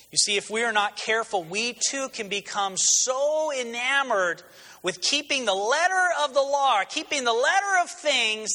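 Male preacher, high and bright voice, emphatic repetition, long hall reverb. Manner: emphatic, repeats phrases for stress. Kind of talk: sermon.

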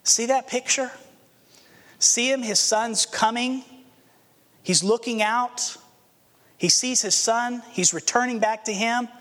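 A man's voice: extremely high pitch, takes it slowly, pauses often, a bit bright. A pastor preaching a sermon, earnest and storytelling, acting out the scenes he describes. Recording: long hall reverb.

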